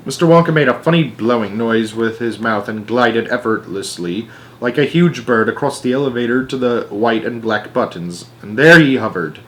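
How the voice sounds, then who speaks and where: A man reading a children's storybook aloud. His voice has a medium pitch, and he narrates with expressive, animated delivery. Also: normal speed.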